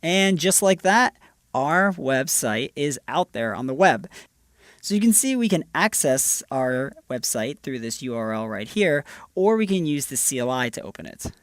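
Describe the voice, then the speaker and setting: Man, coding screencast narration, upbeat, casual, mid pitch, dry close sound. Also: very animated, normal speed, fairly bright tone, dry recording. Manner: upbeat, walks through each step with "just like that". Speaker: developer advocate presenting a tutorial.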